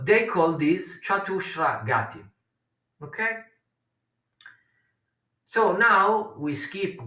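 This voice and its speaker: A man leads a live konnakol rhythm lesson, counting beats aloud in a slow, unhurried way. His voice has a bright edge and sits a little away from the mic in a roomy space. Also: mid-range voice. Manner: counting beats aloud, patient explaining with frequent fillers. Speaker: konnakol workshop teacher. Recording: roomy distant mic sound.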